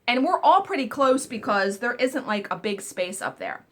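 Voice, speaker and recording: Animated chatty woman vlogger. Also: fairly high pitch, moderate pace. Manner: animated, swears casually, exclamatory; eating while talking. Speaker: vlog host. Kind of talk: casual storytelling vlog.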